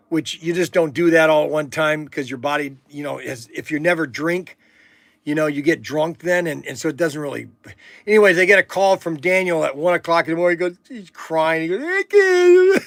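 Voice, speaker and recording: A middle-aged man with a high-pitched voice rambles through a casual livestream chat. He tells folksy stories with plenty of fillers and false starts. The sound is dry and close. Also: a bit bright, no echo. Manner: folksy storytelling with many fillers and restarts. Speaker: livestream host. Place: warehouse.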